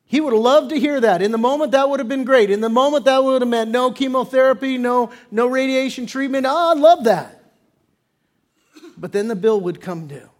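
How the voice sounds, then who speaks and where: A male pastor delivering a sermon with emphatic preaching, punching words loudly and then dropping low, and acting out quoted attitudes. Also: a little fast, few pauses. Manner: emphatic preaching with sudden loud stresses and drops; acts out quoted attitudes in character.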